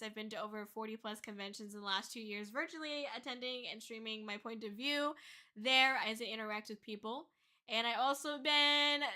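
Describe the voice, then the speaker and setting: Bright-voiced young woman streamer. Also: on the high side. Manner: chatty, laughs often, swears casually. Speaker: VTuber streamer. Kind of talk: casual livestream chat.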